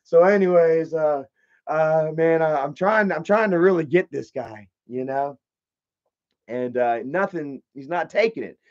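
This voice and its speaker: A man streaming live, telling a story in a casual, rambling way, with lots of profanity and animated energy. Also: a little high, a little slow. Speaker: livestreamer. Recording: slightly dull lo-fi stream audio.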